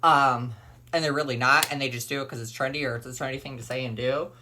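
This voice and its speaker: A man's voice: mid-range voice, fairly even intonation, fast, pushed and bright, a little hiss or hum. A young man ranting to the camera in a vlog, emphatic and opinionated, repeating his points. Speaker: vlogger.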